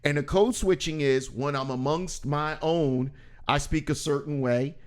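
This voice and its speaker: A man hosting a podcast, telling stories in a casual, animated way and acting out quoted voices. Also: a little high, unhurried. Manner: animated, acts out quoted voices, laughs often. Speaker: podcast host. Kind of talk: casual conversational storytelling.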